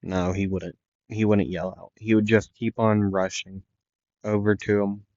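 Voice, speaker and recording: A man's voice: on the low side, flat delivery, unhurried, darkish tone, no room sound. A tired man improvising a fan story, rambling and hesitant with many fillers and apologies. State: tired, yawning. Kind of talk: improvised fan fiction narration. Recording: dull lo-fi dry recording.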